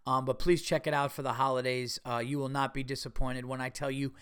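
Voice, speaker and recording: A man talks on his own podcast in an easy, rambling way, cursing freely and restarting his sentences. His voice is smooth and clear and sits at an ordinary pitch. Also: flat delivery, brisk, fairly bright tone. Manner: rambling, profane, with many fillers and restarts. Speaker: podcast host. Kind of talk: casual solo podcast talk.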